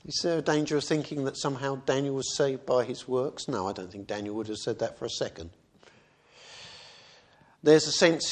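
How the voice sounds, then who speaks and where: Male preacher, mid-pitched voice, relaxed conversational sermon delivery. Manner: conversational, rhetorical questions.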